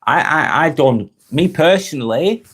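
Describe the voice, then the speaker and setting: A man's voice: on the high side, expressive, a little slow, a bit bright, breathy edge. A young man hosting a casual live stream, reading viewers' comments aloud and answering them frankly and chattily.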